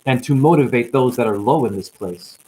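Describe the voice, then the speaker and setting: A man's voice: mid-range voice, a little fast, dark tone, low-quality recording. A man on a livestream delivering a rambling, rhyming spiritual monologue with bursts of whoops, sounding tired and drained. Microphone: static-laden livestream mic.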